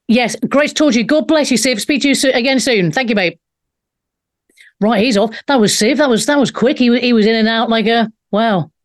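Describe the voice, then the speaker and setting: A woman's voice: fairly high pitch, brisk. A woman hosting a talk show, chatting casually and animatedly with lots of fillers and restarts. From Wales. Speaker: host.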